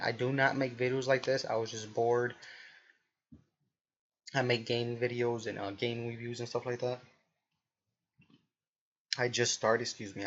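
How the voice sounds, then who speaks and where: A man in his twenties rambling casually to his viewers, halting often with restarts and fillers. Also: lowish voice, creaky, fairly bright tone, lo-fi sound. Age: 20s. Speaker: vlogger. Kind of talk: rambling casual monologue to camera.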